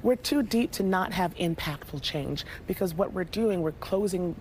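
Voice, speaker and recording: A stage actor answering interview questions in a playful, expressive way. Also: medium pitch, moderate pace, slight background noise.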